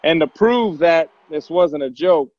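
An easygoing man tells a story in a slightly high voice, wandering through it with plenty of "uh"s and restarts. The sound is dry and a bit dull, like a lo-fi recording with no room around it. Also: animated, a little slow, no room sound. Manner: easygoing, rambling storyteller with many fillers. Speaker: former quarterback guest. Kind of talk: casual anecdote telling.

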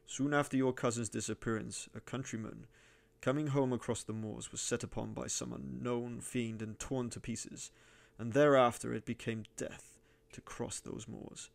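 Gravelly man reading a dark tale. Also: medium pitch, steady tone. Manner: measured, rising to loud declaiming. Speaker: reader and gaming channel host. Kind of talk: dramatic story reading.

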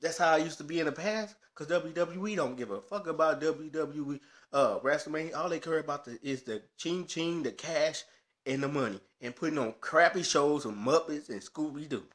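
A man's voice: fairly high pitch, moderate pace, fairly bright tone. A man ranting casually to camera with frustration, swearing heatedly about wrestling. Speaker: wrestling fan vlogger. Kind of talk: casual rant.

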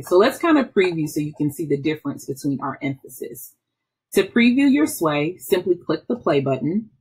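Low husky-voiced woman giving a tutorial. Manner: patient step-by-step explaining with small restarts. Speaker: instructional technology trainer. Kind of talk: screen-recorded software tutorial.

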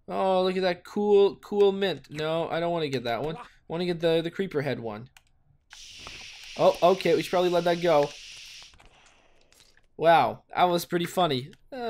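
A man hosting a gaming video, giving casual, excitable play-by-play commentary and exclaiming and swearing often. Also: a little high. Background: faint background music.

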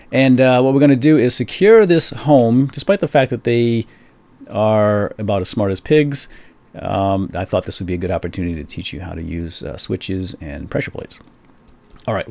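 A man's voice: on the low side, a little mellow. A man hosting a casual game tutorial, chatty and laughing at his own jokes, with frequent ums and uhs. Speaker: tutorial host.

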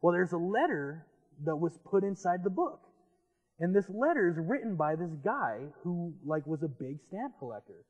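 A man's voice: high voice, big pitch swings, normal speed, darkish tone. A young man, a podcast host, rambling through a movie plot in casual, profane chat, laughing as he goes. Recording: muffled, long reverb, faint music behind.

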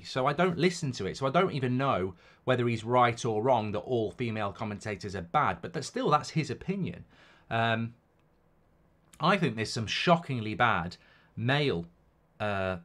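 A man's voice: mid-range voice, fairly bright tone. A middle-aged man hosts a football watchalong live stream, chatting casually, reading out viewer comments and giving rambling, opinionated answers with many restarts.

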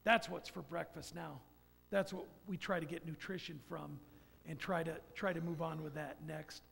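Man, fairly high gravelly voice, earnest storytelling testimony, long church reverb. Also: steady tone, normal speed, fairly bright tone, a little hiss or hum. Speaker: church speaker giving a personal testimony. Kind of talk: personal testimony talk. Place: church sanctuary.

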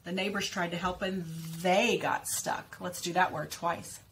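Woman speech teacher, lower voice, clear deliberate articulation, story read-aloud with drills. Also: steady tone, fairly bright tone, a little hiss or hum. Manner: slow, clearly stressed repetition of target words. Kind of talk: reading a picture book aloud with word practice.

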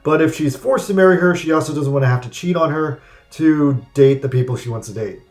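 A man hosting a comedic anime review, rambling and jokey in an excitable way. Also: a little high, brisk. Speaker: anime reviewer and channel host. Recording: echoey room with faint music.

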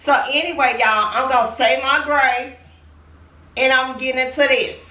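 A pregnant young vlogger talks straight to her viewers in a food challenge video, chatty and sassy. Her voice is high and sharp, with fairly even intonation and a moderate pace. The room echoes and the mic sits at a distance.

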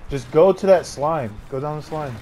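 A man's voice: on the high side, normal speed, warm tone. A young man teasing his friend and swearing casually during a co-op video game. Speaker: gamer. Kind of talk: casual gaming banter. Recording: noisy game audio behind.

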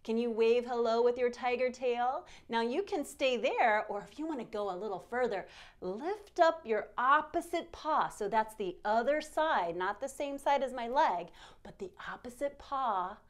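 This woman's voice is on the high side, expressive and unhurried, as she runs a guided yoga lesson for young kids. Speaking to them directly with playful encouragement, she narrates a pretend story filled with gasps and exclamations.

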